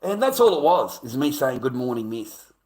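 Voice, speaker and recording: A man's voice: mid-range voice, sing-song, moderate pace, darkish tone. A man who grew up in America, telling a story in a casual, rambling way and swearing freely as he retells a confrontation. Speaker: streamer.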